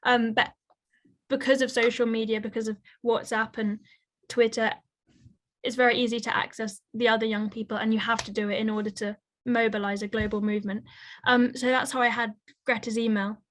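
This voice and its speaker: A woman's voice: fairly high pitch, level tone, brisk, fairly bright tone, slight background noise. A young woman, a conservationist and author answering interview questions in an articulate, earnest way. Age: young adult.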